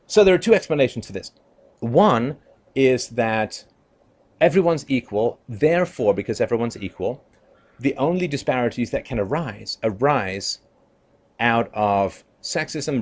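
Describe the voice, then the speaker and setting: A man giving an opinion commentary monologue, emphatic and conversational, leaning on "you know" and "right?" and chuckling between points. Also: fairly low pitch. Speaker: political commentator.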